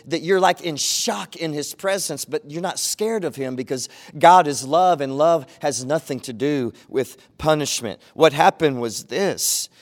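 Middle-aged pastor delivering an earnest sermon, a touch high in pitch. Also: male voice. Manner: earnest, emphatic preaching with repeated phrases.

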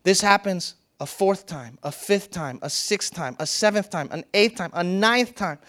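Spiritual teacher, mid-pitched voice, unhurried storytelling sermon with emphatic repetition. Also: animated, a bit bright. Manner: storytelling, reflective, repeats phrases for emphasis. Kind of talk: spiritual teaching talk with a parable.

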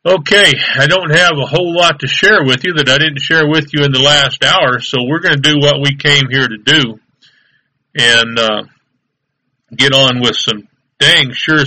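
A man's voice: medium pitch, a little slow, pushed and bright, rough recording. A man hosting a live internet radio show, chatting casually and rambling easygoingly with fillers.

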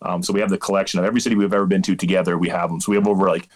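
A man in his thirties from Canada, talking in a fairly low voice as a guest in a casual interview. He rambles through stories with lots of animation and eager asides. The tone is easygoing and chatty. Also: level tone, rapid-fire. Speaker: umpire guest.

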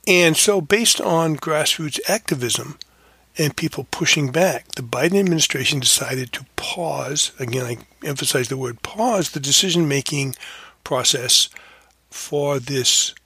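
A man's voice: on the high side, unhurried, bright, forceful tone, breathy edge, no echo. A man hosting a casual commentary, rambling and correcting himself often with fillers. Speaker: podcast host.

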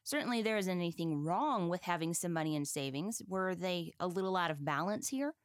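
A woman's voice: lowish voice, expressive, brisk, smooth, no room sound, clean studio sound. Woman asking questions on a podcast. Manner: friendly, lightly teasing questions. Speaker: podcast co-host. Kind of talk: conversational interviewing.

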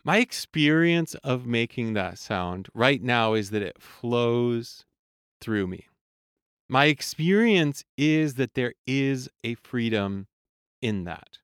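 A man who coaches singers, explaining vocal function in a calm, measured podcast lesson. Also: mid-range voice, clear, resonant tone, no room sound, clean studio sound. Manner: calm, explanatory, demonstrates sung vowel sounds.

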